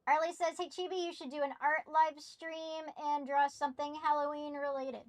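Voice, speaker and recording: A woman's voice: sits high, flat delivery, normal speed. A woman streaming a video game, chatting casually with herself and her chat in a playful, teasing way. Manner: playful, talks to herself and reads chat aloud.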